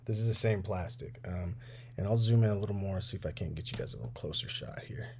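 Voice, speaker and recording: A thirtysomething man hosts a toy repair livestream, fixing action figures while he chats casually, rambles, and laughs a lot. His low, darkish voice moves fast, with a bit of hiss or hum in the background.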